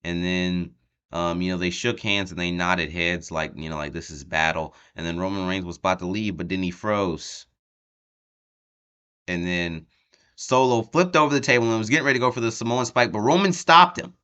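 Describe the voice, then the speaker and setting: A man with a low, smooth and resonant voice recaps a wrestling show for his channel. His talk is loose and rambling, full of ums and restarts, and he chuckles at the funny parts. It sounds like a casual, unscripted vlog. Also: steady tone, moderate pace, pushed and bright. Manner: rambling, lots of ums, laughs at the story.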